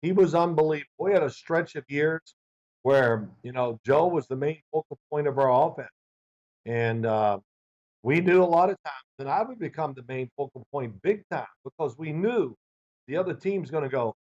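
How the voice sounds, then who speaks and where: The recording is muffled, and this guest's voice sits fairly high at a normal pace. A sixty-something former quarterback, he tells animated stories over a remote video call, mimicking his old coach's lines in a raised voice.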